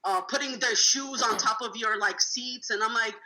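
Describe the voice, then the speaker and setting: A woman's voice: fairly high pitch, normal speed, bright, forceful tone, poor audio. A woman in her twenties, a rideshare driver from California, telling blunt, profane stories in a casual roundtable chat. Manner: blunt, swears freely, acts out passengers with laughs.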